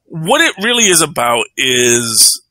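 A man's voice: a little high, big pitch swings, unhurried, bright, forceful tone, no echo, low-quality recording. A man co-hosting a podcast, reviewing films in a rambling, laughing casual chat. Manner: rambling, frequent restarts, laughs often. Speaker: podcast co-host.

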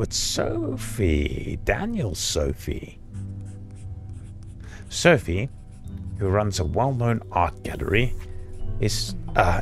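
Male let's-play host, slow, deep, sarcastic, stumbles over read-outs. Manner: sarcastic, swearing, reads aloud haltingly. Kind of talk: gaming commentary. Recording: game music behind.

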